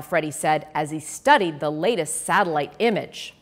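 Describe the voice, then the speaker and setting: A woman reading her children's picture book aloud, with expressive storytelling and asides to the host. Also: sits low, normal speed, few pauses.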